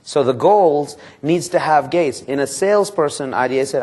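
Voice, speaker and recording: A man leading a live sales training seminar, quizzing his audience and acting out sample calls to customers and banks. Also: moderate pace. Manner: energetic, quizzes the audience with questions; acts out sample phone calls and pitches.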